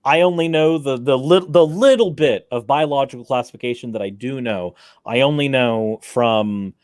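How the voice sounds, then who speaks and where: A man who is a YouTuber, chatting casually on a call-in stream, quick and animated with frequent restarts. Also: mid-range voice, no echo, clean studio sound. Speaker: YouTuber and show co-host. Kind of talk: casual chat. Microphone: home streaming setup.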